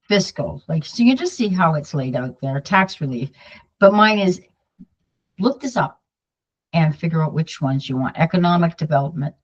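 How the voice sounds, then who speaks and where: Chatty older woman with a muffled sound. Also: sits low. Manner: chatty, digressive, repeats herself. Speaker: political vlogger. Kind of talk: casual talk to camera. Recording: dull lo-fi sound.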